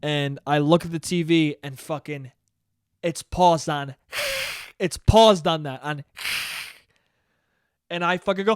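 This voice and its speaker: A man's voice: on the high side, animated, normal speed, no echo, studio quality. A man in his twenties hosting a solo podcast, talking in a rambling, profane, jokey way with many restarts. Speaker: podcast host.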